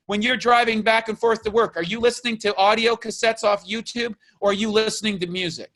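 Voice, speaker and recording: A man's voice: high-pitched, fairly even intonation, fairly quick, fairly bright tone. Fired-up man ranting with rhetorical questions. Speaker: motivational business coach. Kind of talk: motivational rant.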